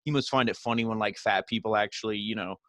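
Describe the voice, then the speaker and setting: Low-voiced man recapping wrestling casually. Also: fairly even intonation, fast talker, fairly bright tone, no room sound. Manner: rambling, heavy with fillers, swears casually. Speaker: wrestling show reviewer.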